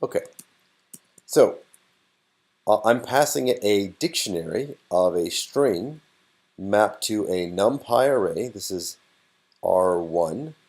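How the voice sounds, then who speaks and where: A man's voice: on the low side, lively intonation, slow pace, pauses often, a little mellow. A man teaching a programming course, explaining step by step with frequent fillers as he types. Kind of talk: screen-recorded coding tutorial.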